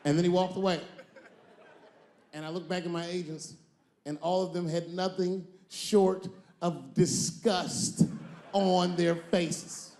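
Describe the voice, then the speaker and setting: A male comedian telling a long story on stage, moving between loud punchlines and low, drawn-out asides. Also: steady tone, echoey room. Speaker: stand-up comedian.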